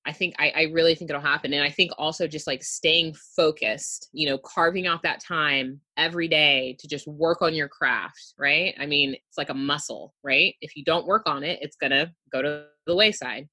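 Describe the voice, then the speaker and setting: A woman speaking as a guest author in a relaxed interview. Her voice sits low but has a bright, slightly husky edge. She talks in a loose, chatty way, full of "you know", with a dry, close sound. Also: normal speed, few pauses, no room sound. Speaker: guest, debut picture book author. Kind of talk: casual conversational interview.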